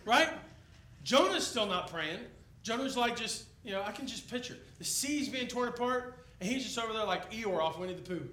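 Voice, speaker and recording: A man preaching an expository sermon in a conversational, animated way, acting out the people in the story. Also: sits high, normal speed. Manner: animated, conversational, acts out biblical characters. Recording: echoey room, mic at a distance.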